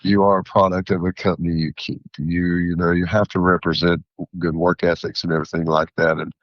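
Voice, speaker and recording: A man who is a food entrepreneur, a guest on an interview show, talking in a rambling, philosophical and animated way. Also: deep voice, brisk, no room sound, dull audio. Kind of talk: interview conversation.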